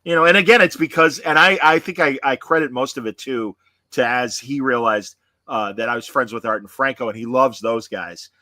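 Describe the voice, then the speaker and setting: Man, podcast host, casual chat, rambling, self-deprecating, bright voice, dry sound. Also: mid-range voice, fairly quick, no room sound.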